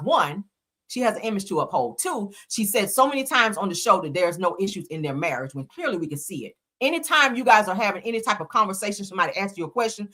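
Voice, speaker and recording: Woman, live host, reality TV commentary, blunt, profane, animated pitch, bright tone. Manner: blunt, profane, emphatic, often laughing; reads viewer comments aloud.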